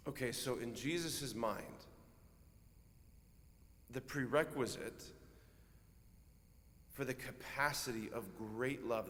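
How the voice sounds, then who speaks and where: A man's voice: mid-range voice, long reverb tail. A man, a Catholic priest, giving a homily in an earnest, conversational way, often dropping casual asides into his preaching.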